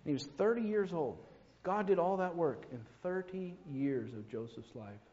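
A man's voice: a little high, expressive, normal speed, warm tone. A man preaching a sermon in a church, telling stories and driving his points home with emphasis. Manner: storytelling, rising to emphatic peaks. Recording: long reverb, dull lo-fi sound.

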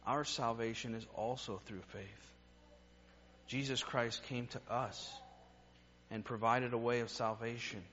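A man preaches a sermon in an earnest, heartfelt way, his voice at a middle pitch. He moves from emphatic lines down to hushed, quiet passages. The recording is a little muffled, with a faint hum behind him. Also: fairly even intonation, measured pace.

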